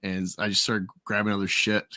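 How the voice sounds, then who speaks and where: A man's voice: on the low side, monotone, fairly quick, noisy background. A man hosting a casual chat, rambling and laughing often.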